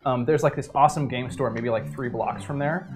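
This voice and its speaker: A man's voice: mid-range voice, brisk. A man who acts, telling a long story in casual chat, rambling with many ums and restarts. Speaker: actor telling a story on a stream. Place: indoors at a painting table.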